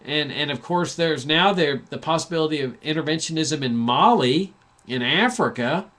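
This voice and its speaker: Male host with a raised pitch, delivering a fired-up, mocking political monologue. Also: lively intonation, normal speed, fairly bright tone. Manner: impassioned, sarcastic, full of restarts. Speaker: talk show host.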